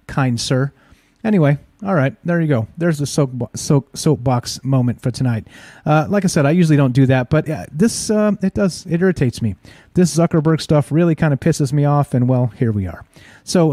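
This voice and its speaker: A man's voice: on the high side, dark tone, dry recording. A man hosting a late-night talk radio show, ranting in a monologue with many restarts and asides to listeners. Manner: ranting, repetitive restarts, asks listeners "all right?".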